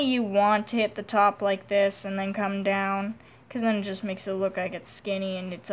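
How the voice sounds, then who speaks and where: A young woman giving a casual, rambling drawing tutorial, self-deprecating and quickly frustrated with her own sketch. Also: on the high side.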